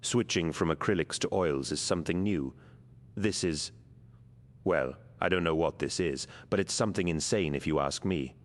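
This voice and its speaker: A man's voice: moderate pace, close to an everyday voice. A man voicing a passionate male artist who speaks with urgent, exasperated energy. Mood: demanding. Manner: exasperated, urgent, raised pitch.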